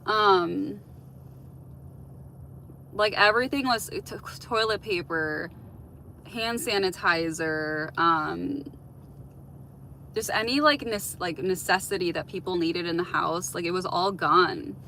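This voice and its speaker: A woman's voice: on the low side, slow, creaky, pauses often, bright, forceful tone, a little hiss or hum, poor audio. A woman hosting a casual livestream, chatting with viewers and answering their comments with lots of "like" and "um". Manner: chatty, heavy use of "like" and "um"; open, reflective advice-giving. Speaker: livestream host.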